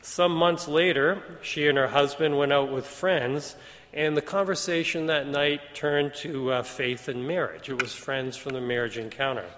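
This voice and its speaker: A man preaching, retelling a story in an even storytelling manner with quoted dialogue. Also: fairly high pitch, normal speed. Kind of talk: sermon storytelling. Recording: long hall reverb.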